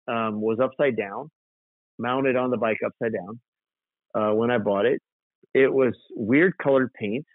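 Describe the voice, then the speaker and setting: A man's voice: medium pitch, no echo. A man from South Dakota, a custom motorcycle builder, telling rambling stories as an interview guest. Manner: animated, rambling storyteller with fillers. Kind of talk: casual storytelling interview. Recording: tinny dry phone-like line.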